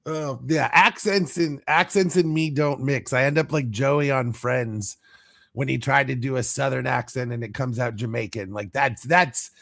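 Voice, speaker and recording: A man's voice: mid-range voice, normal speed, vocal fry, fairly bright tone. An American man hosting a sports podcast, talking bluntly and swearing through a casual rant. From United States. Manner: blunt, profane rants. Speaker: podcast host.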